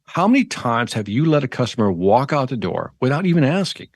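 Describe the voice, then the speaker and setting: A middle-aged sales trainer tells a story in an interview, voicing each character with lively jumps in tone. His voice sits at an ordinary pitch. The sound is dry and close, with no room echo. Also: fairly quick. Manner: animated, acts out the dialogue in his anecdotes. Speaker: sales trainer and motivational speaker.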